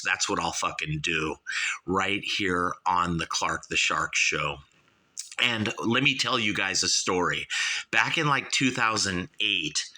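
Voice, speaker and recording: A middle-aged man rants about music in a loose, rambling way and swears freely. His voice sits low, with a hard, bright, forceful edge. He talks like a host holding court on his own show. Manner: profane, brash, rambling. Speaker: host of an album review show. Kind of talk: casual ranting monologue.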